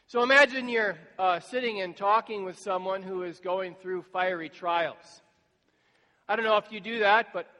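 A man's voice: sits high, sharp tone. A man preaching a sermon as pastor, talking conversationally and acting out imagined exchanges with people in hard times. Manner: conversational, acts out imagined dialogues. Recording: long church reverb.

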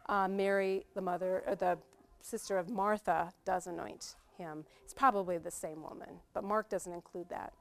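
A middle-aged woman teaching a Bible study in a chatty, lively way, often laughing as she explains. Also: on the low side, normal speed, gravelly.

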